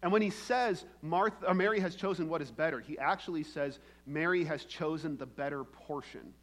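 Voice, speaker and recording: Preaching in a conversational style, this pastor speaks a little fast in a fairly high voice with a fairly bright tone. He regularly engages the congregation and dramatizes the quoted passages.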